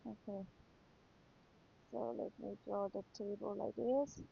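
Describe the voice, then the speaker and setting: A woman's voice: medium pitch, fairly even intonation, slow, vocal fry, dark tone, a little hiss or hum. A woman teacher with a Thai accent, patiently reviewing material for an exam and repeating key points. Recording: dull lo-fi sound.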